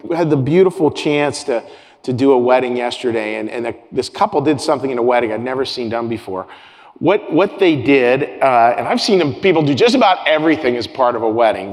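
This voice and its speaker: A man preaching a sermon as pastor to his congregation, earnest, often repeating phrases and restarting his sentences. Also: medium pitch. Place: church sanctuary with congregation. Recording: long hall reverb with soft guitar.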